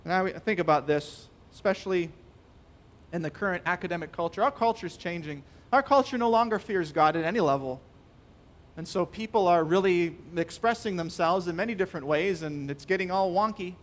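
High-pitched man preaching emphatically. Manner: emphatic, slows down to stress key phrases. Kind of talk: sermon.

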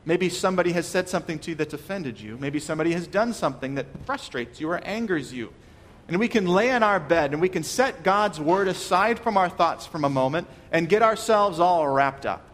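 A man's voice: on the high side, lively intonation, brisk, fairly bright tone, long reverb tail. A man preaching a sermon, earnest and questioning, often restarting his words. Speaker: pastor.

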